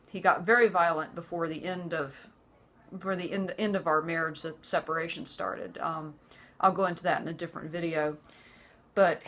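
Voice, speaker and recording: A woman in her forties speaking earnestly to the camera about her own life, halting often and restarting her sentences. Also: lowish voice, fairly bright tone. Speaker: vlogger. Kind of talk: personal testimony to camera.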